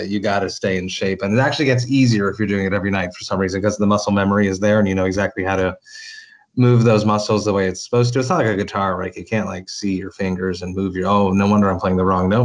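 A man, a metal vocalist, chatting casually and enthusiastically as an interview guest, rambling with restarts. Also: on the low side.

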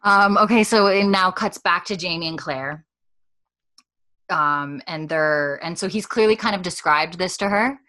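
A woman's voice: on the low side, unhurried, pushed and bright. A woman co-hosting a casual podcast, animatedly retelling a TV episode and acting out its dialogue, full of "like" and "um". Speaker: podcast co-host recapping a TV episode. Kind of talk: casual chat.

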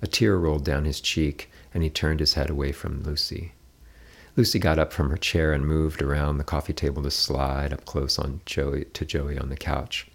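A man reading a novel aloud in a steady, measured narration. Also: very deep voice, creaky. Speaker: audiobook narrator. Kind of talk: scripted narration.

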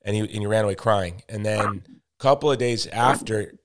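A man's voice: on the low side, brisk. A man hosting a conversational interview, earnest and open as he asks personal questions. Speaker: podcast host.

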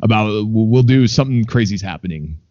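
A man's voice: fairly low pitch, animated, a little fast, dark tone, dry recording. A man interviewing a guest and asking loose, rambling questions full of fillers. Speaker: podcast interviewer. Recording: dry, dull lo-fi sound.

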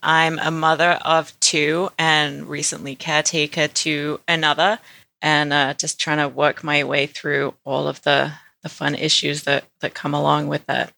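Bright-voiced British woman. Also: sits low, little pitch movement, moderate pace, creaky, no room sound. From United Kingdom. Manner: laughs easily, chatty with filler words. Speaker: podcast co-host. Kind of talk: casual chat.

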